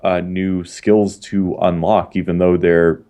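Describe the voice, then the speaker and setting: A man co-hosting a gaming podcast, explaining news in a measured, informative way with occasional uhs. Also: low voice, flat delivery, warm tone. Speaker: podcast co-host. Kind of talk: casual chat.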